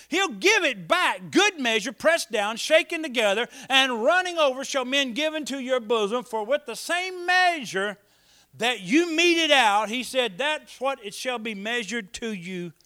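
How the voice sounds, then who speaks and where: High-voiced preacher. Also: male voice. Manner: preaching with call-and-response, swinging between soft asides and loud emphatic lines. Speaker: pastor. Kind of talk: sermon.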